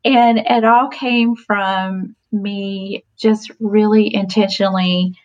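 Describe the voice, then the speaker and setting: In a casual podcast conversation, a woman in her forties tells stories slowly in a medium-pitched voice with fairly even intonation. She's chatty, laughing often and using plenty of fillers. High frequencies are cut off.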